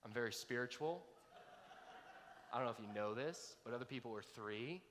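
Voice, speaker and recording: A man's voice: medium pitch, expressive, normal speed, a bit bright, slight background noise, pitched below the performer's own voice, natural voice. A man acting out an eager, self-satisfied male apostle, showing off how spiritual he is. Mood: smug. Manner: smug, showing off. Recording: long hall reverb.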